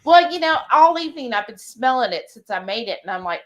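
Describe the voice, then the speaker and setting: A woman hosting a live cooking stream, chatting casually in an excited, rambling way. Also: fairly high pitch, a little fast.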